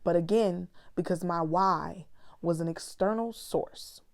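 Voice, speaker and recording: A woman shares a candid personal reflection with her audience, speaking slowly and earnestly in a low, mellow voice. Her talk is conversational, sprinkled with affectionate asides to listeners. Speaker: vlogger; mother.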